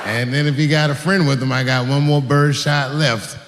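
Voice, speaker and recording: A man working a stand-up set, his pitch swinging wildly as he acts out stories with profane asides and shouted sound effects. His voice sits a bit high for a man and rings through a large hall with a long reverb tail and faint background noise. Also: moderate pace, hardly any pauses. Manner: profane, animated, full of acted-out sound effects. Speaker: stand-up comedian. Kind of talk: stand-up comedy storytelling.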